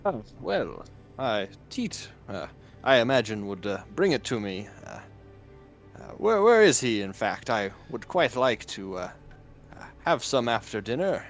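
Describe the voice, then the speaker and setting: A man's voice: medium pitch, very animated, measured pace, soft background music. A man playing a pompous lord in a tabletop game, hesitant and full of fillers. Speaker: player. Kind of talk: in-character tabletop play.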